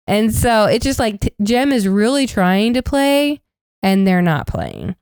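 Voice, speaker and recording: A woman co-hosting a podcast, telling stories with animated, acted-out quotes in casual chat. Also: mid-range voice, a little slow, smooth, dry recording, studio quality. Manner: animated storytelling, acts out quotes. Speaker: podcast co-host.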